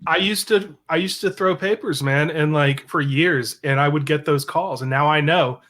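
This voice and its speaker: A man's voice: fairly high pitch, moderate pace, fairly bright tone. A man co-hosting a podcast in casual chat, easygoing and chuckling, often correcting himself. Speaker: podcast co-host.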